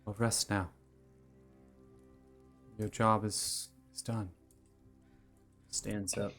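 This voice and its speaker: A man voicing a calm, reassuring guide in a tabletop game, measured and solemn, close to his own low voice. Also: faint music behind, full character voice.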